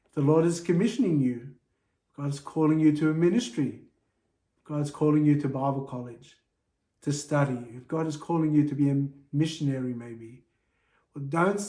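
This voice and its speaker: A man's voice: fairly high pitch, mellow. A man preaching a sermon in a church, earnest and exhorting his listeners. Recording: echoey church room.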